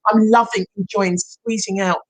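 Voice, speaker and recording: A middle-aged woman hypnotherapist giving an effusive, emotional coaching pitch on a livestream. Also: fairly even intonation, moderate pace, dry recording, poor audio.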